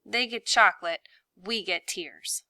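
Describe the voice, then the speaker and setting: Woman teacher, reading a novel aloud, slow and deliberate, bright tone, dry close sound. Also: medium pitch, no echo.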